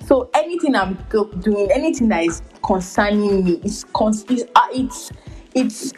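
A young woman hosts her podcast in an easy, giggly ramble, padding her thoughts with filler words. She speaks at an unhurried, drawn-out pace, with faint music playing softly behind her. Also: medium pitch, poor audio. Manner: giggly, heavy use of filler words, many restarts. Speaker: podcast host. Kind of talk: casual podcast chat.

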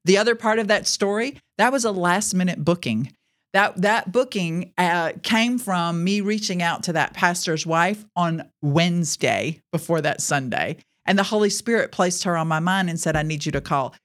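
A woman's voice: fairly low pitch, normal speed. Earnest woman telling a faith testimony. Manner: earnest storyteller, addresses listeners directly. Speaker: Christian speaker sharing a testimony. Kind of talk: personal testimony, podcast storytelling.

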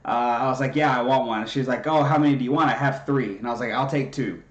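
A man telling a story in casual chat, profane and animated, acting out what everyone said. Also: medium pitch, very fast, echoey room, dull audio. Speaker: podcast co-host.

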